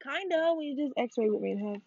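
A teenage girl co-hosting a podcast, chatting casually while playing a video game, excitable, swearing a lot and laughing often. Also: medium pitch, fast talker, creaky, a little hiss or hum. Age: teens. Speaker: podcast co-host. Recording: muffled lo-fi recording.

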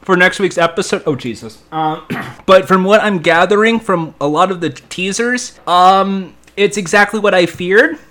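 A man's voice: high voice, moderate pace, bright, forceful tone. A man hosting a casual podcast, swearing and rambling while his mouth burns from spicy chips. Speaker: podcast host eating hot chips. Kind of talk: casual banter, answering questions.

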